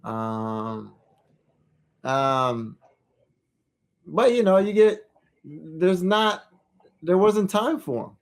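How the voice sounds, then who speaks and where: A man with a slightly higher-than-usual voice talks through ideas on a podcast. He speaks in a casual, reflective way. He often stops and restarts his sentences as he searches for the right words. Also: lively intonation, drawn-out words, vocal fry, pauses often. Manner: thoughtful, searching, with frequent restarts. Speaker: podcast co-host; parent.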